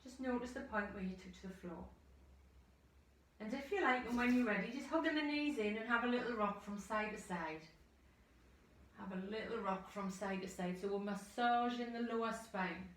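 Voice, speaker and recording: A woman yoga teacher from the United Kingdom, guiding a class through slow, soothing breathing cues and audible sighing breaths. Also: medium pitch, a bit bright. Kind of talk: guided yoga instruction. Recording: echoey room, voice from far off the mic.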